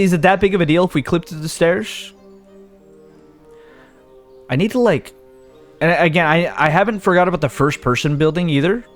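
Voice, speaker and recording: A young man giving casual let's-play commentary, thinking aloud and talking himself in and out of ideas as he goes. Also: on the high side. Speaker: gaming video host.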